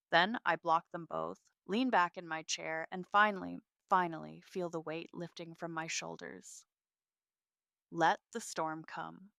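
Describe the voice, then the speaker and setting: A woman narrating a first-person story in a cool, measured way. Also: lowish voice, fairly even intonation, gravelly, a bit bright, no echo, clean studio sound.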